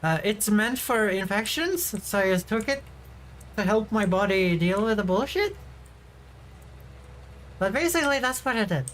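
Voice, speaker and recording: A woman's voice: mid-range voice, animated, moderate pace, long pauses, a little hiss or hum. A woman streamer chatting casually while she plays a farming game, rambling and now and then bursting out in frustration. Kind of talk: casual livestream chat while gaming.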